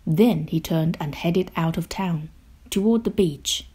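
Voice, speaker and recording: A woman reading a children's picture book aloud, slow, gentle and expressive, sometimes dropping to a hush. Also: on the low side, slightly rough. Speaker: storyteller.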